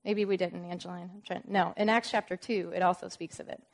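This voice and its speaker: In a brisk, gravelly voice with fairly low pitch and mostly even intonation, a woman gives an informal Bible teaching. She reads verses aloud with emphasis and explains them through casual, conversational asides.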